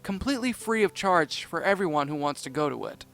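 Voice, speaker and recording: A man's voice: on the high side, animated, vocal fry, fairly bright tone, soft background music. A man voicing Austin, an eager young kangaroo. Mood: cheerful. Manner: eager, bubbly, talks in quick bursts. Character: excitable young male kangaroo cartoon character.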